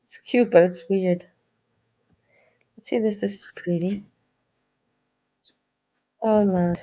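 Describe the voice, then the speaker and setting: A woman hosting, giving relaxed casual commentary while watching videos. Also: mid-range voice, takes it slowly, lo-fi sound. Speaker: host reacting to videos.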